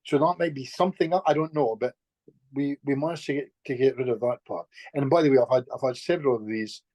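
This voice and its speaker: A middle-aged man, a guest healer, telling stories in a lively, chatty way with chuckles and restarts. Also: mid-range voice, fast talker, no room sound. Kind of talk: casual storytelling in conversation.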